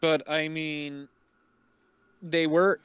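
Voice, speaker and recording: Smooth-voiced man recapping a movie. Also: a little high, level tone, a bit bright, dry recording. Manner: halting, summarizing a plot with fillers. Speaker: podcast co-host. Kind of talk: casual chat.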